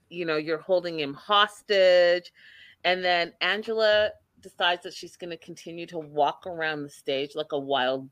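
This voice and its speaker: A woman's voice: fairly low pitch, dry recording. A woman hosting a casual chat, animatedly recapping a reality show and acting out what people said. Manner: animated storyteller, acting out quotes with emphasis.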